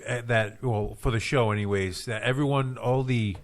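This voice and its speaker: A man of middle pitch talks casually into a studio mic on a live radio broadcast. He wanders through his memories with stops and restarts, and he pokes fun at himself along the way. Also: steady tone, moderate pace. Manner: rambling, self-deprecating storyteller.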